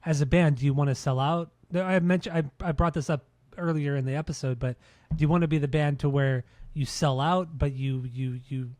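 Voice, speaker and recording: A man's voice: a little high, fairly even intonation, brisk, darkish tone, no room sound. A man co-hosting a music podcast, explaining songs in an earnest, casual chat, often repeating and restarting his words. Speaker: podcast co-host.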